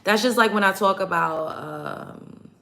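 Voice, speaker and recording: A woman's voice: medium pitch, measured pace, gravelly, pushed and bright. A woman host talking casually to her livestream chat while getting ready. She is blunt and emphatic and repeats her points for stress. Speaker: show host.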